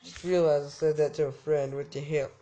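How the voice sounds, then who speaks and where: A man's voice: on the high side, steady tone, a little fast, mellow, a little hiss or hum. Goofy young man doing game commentary. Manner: goofy, jokey, voices in-game characters. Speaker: gaming YouTuber. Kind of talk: let's play commentary.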